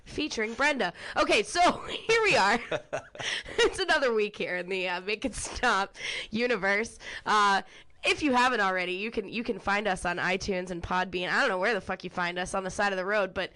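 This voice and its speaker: A woman's voice: mid-range voice, normal speed, pushed and bright. A woman co-hosting a podcast in casual chat, sarcastic and profane. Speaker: podcast co-host.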